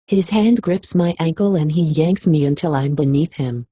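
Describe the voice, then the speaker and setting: Low husky woman reading an audiobook. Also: moderate pace, hardly any pauses, warm tone, no room sound. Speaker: audiobook reader. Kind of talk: expressive audiobook narration.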